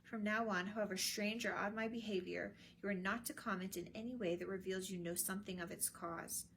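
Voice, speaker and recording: A woman's voice: mid-range voice, steady tone, fairly quick, fairly bright tone, a little hiss or hum, lightly acted. A woman voicing a troubled young prince giving urgent orders to his friends in a storybook reading. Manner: urgent, commanding.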